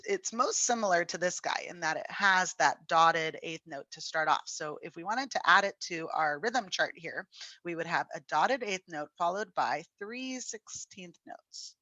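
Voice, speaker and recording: Music teacher, woman, lower pitch but bright tone, counts and sings rhythms, dry close sound. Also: normal speed, no echo. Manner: chatty, encouraging, thinks aloud. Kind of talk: online lesson.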